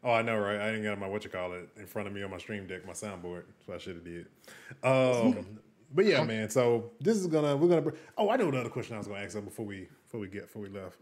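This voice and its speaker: A man hosting a podcast, joking and steering the segments in casual chat. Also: lowish voice. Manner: animated, joking, runs the segments. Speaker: podcast host.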